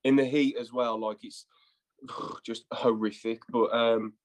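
Lad telling rowdy stories. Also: male voice, medium pitch, fairly even intonation, measured pace. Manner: laddish storytelling, swears freely. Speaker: podcast co-host. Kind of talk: casual chat.

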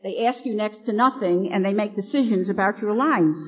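A woman's voice: medium pitch, a little fast, breathy edge. A middle-aged nun telling her own recovery story to a meeting, acting out the lines of the people in it. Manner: lively storyteller, acts out quoted lines. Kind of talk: personal recovery talk to an audience. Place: meeting hall, addressing an audience. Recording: dull lo-fi archival recording.

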